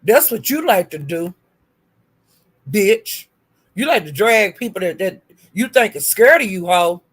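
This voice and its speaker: A woman's voice: mid-range voice, animated, measured pace, breathy edge. A woman hosting a live stream, taunting someone with profane, repetitive insults and calling out to her chat viewers by name. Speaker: livestream host.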